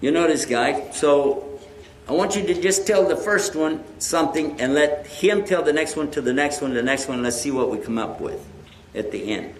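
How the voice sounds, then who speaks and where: A man's voice: a little high, lively intonation, moderate pace. A man preaching to a live audience, telling a story and acting out both sides of the conversation. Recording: echoey hall with faint noise.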